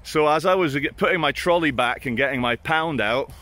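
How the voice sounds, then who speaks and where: Outdoors at sunrise, a British vlogger shares casual, self-deprecating stories with blunt language and plenty of swearing. He speaks on the high side, a little fast, with a bright, forceful tone.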